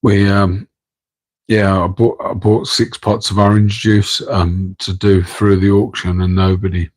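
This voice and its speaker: A man's voice: low voice, little pitch movement, measured pace, darkish tone, poor audio. A man with an English Midlands accent, hosting a casual late-night live stream from home, rambling and joking with viewers in chat while keeping his voice down. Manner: rambling, self-deprecating, chatting to viewers in chat; keeping his voice down so as not to wake his partner. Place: home, room next to an aquarium tank. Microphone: microphone on a tripod.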